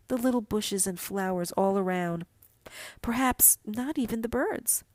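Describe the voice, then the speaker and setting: Woman host reading a fairy tale aloud, calm and measured, lower voice, dry close recording. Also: dry recording. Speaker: podcast host. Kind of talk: storybook narration.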